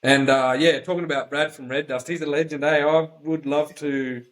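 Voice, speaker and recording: A man's voice: a little high, fairly even intonation, moderate pace, poor audio. An Australian man hosting a podcast in casual chat, talking bluntly and emphatically with lots of swearing. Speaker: podcast host.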